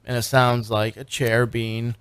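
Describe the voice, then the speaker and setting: A male radio co-host loosely recaps a TV show in casual chat, rambling with many fillers and restarts. His mid-range voice is unhurried, fairly bright and clean, with little pitch movement, recorded dry in a booth.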